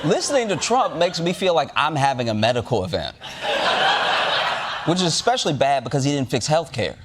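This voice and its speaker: A man delivering a sarcastic, animated comedic monologue as host. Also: on the high side, brisk, very noisy.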